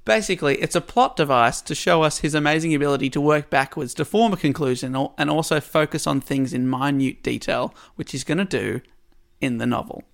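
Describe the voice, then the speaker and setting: Gravelly-voiced man retelling a story. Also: fairly high pitch, a little fast. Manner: wry, laughs often. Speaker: podcast co-host. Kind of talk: casual chat, retelling a story.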